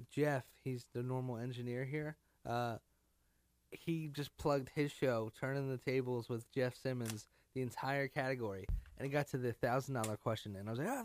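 A man's voice: medium pitch, fairly even intonation, moderate pace, dry recording. A tired man co-hosting a podcast with a morning voice, rambling and trailing off in casual chat. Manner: rambling, self-deprecating, trails off. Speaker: podcast co-host. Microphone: studio microphone.

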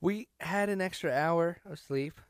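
A man's voice: a little high, a little slow, smooth, no echo, clean studio sound. A tired man co-hosting a podcast with a morning voice, rambling and trailing off in casual chat. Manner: rambling, self-deprecating, trails off. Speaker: podcast co-host. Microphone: studio microphone.

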